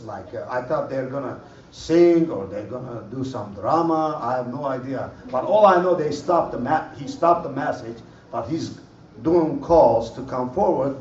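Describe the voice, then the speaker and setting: A man giving an animated personal testimony at a church conference, in broken English. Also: medium pitch, moderate pace. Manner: animated storytelling, broken English, laughs often. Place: conference hall. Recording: roomy hall, far mic, dull lo-fi, faint noise.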